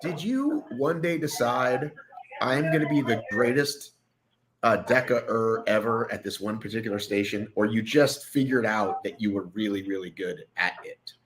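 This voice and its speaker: A man's voice: fairly low pitch, normal speed, fairly bright tone, slight background noise, rough recording. A man hosting a live online show, joking around and swearing freely in casual chat.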